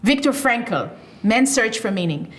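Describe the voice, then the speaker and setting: A woman's voice: fairly high pitch, animated, unhurried. A woman hosting an interview, earnestly explaining ideas step by step and checking in with rhetorical questions. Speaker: podcast host.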